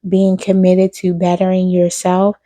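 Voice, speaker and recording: A woman's voice: on the low side, completely flat delivery, unhurried, dark tone, no room sound. A woman giving an intuitive spiritual reading to her viewers, affectionate and repetitive, calling the listener baby. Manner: affectionate, addresses listener as baby, repeats phrases. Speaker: spiritual reader on her own channel.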